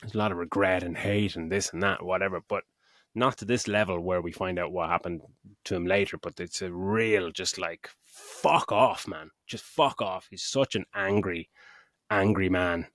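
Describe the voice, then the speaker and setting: A man's voice: low-pitched, normal speed, fairly bright tone, no echo, clean studio sound. A middle-aged man co-hosting a podcast, chatting animatedly about a film, swearing freely and acting out quotes. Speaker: podcast co-host. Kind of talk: casual film chat.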